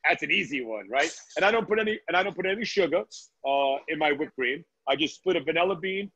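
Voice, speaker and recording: A man's voice: a little high, animated, fast, bright, forceful tone, breathy edge, no echo, dull audio. A man, a guest chef from Brooklyn, chatting casually on a video call from his restaurant, telling stories with many "uh"s and "right?"s. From Brooklyn, New York.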